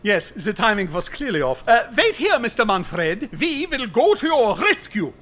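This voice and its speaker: Polite formal mole; prim, pompous, wildly varied pitch. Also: male voice, sing-song, moderate pace, a bit bright, soft background music.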